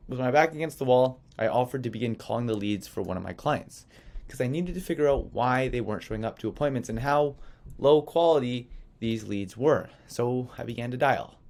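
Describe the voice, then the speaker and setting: A man, an agency founder, teaching an online sales lesson in an animated storytelling way, often checking in with "okay?" and "right?". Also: mid-range voice.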